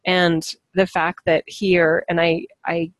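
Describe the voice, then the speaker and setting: A woman talking casually to her followers as a spiritual channeler and teacher, animated and earnest, laughing often as she reflects on herself. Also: lowish voice, slow pace, dry recording.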